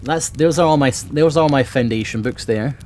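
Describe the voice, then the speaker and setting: A man's voice: medium pitch, fairly quick, a little mellow, a little hiss or hum. A man streaming from a home room full of bookshelves, chatting casually and enthusiastically about books and swearing freely. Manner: rambling and enthusiastic, swears often.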